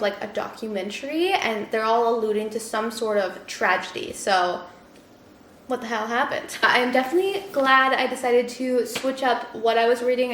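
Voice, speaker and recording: A woman's voice: a little high, a little hiss or hum. Gushing young woman, echoey room. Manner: gushing, animated, swears when excited. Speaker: book vlogger. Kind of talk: casual vlog talk.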